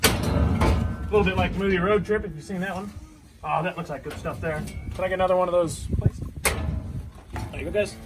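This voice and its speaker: A man's voice: sits high, fairly even intonation, fairly quick, pauses often. A man, a cattle vet, chatting and joking as he explains his work in a cattle yard. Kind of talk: casual explainer vlog while working. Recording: loud music playing behind.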